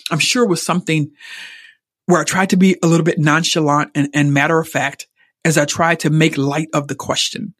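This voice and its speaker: A woman's voice: deep voice, husky, no room sound, clean studio sound. Earnest woman sharing a personal story. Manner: earnest, emotionally open, repeats words when moved. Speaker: podcast host. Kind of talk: personal reflective monologue.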